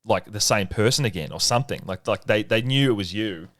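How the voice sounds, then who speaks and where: A male podcast host in casual conversation, asking relaxed prompting questions. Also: on the low side, a little fast, no room sound. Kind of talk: casual interview chat.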